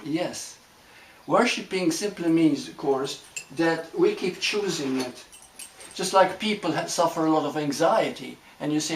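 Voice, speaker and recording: A man giving a reflective spiritual talk to a group, gentle and unhurried, often repeating phrases and checking that listeners follow. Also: on the high side. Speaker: spiritual teacher. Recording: roomy echo with faint ambient noise.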